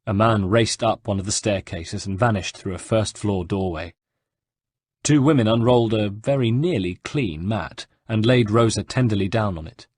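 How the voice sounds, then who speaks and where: A man reading an audiobook in a measured, even storytelling manner. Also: on the low side, breathy edge, no room sound, studio quality. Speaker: audiobook narrator. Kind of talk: scripted narration.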